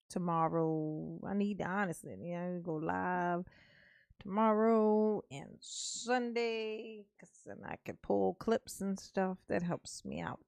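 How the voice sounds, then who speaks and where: Woman, livestream host, playful sing-song, slow drawl, dry close mic. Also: lowish voice, creaky, no room sound. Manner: calls herself Mama, drawn-out words. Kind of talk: casual livestream chat with viewers.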